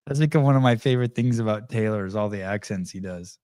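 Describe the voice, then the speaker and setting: A man's voice: mid-range voice, warm tone, no echo. A man hosting a podcast, talking casually and bluntly with lots of fillers and restarts. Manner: halting, many fillers and restarts, blunt with swearing. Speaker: podcast host. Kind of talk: casual commentary while playing clips.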